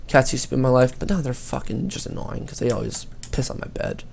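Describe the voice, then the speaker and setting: A man's voice: medium pitch, a little fast, gravelly, darkish tone, slight background noise. A teenage boy gaming YouTuber telling a school story over gameplay, rambling and swearing a lot.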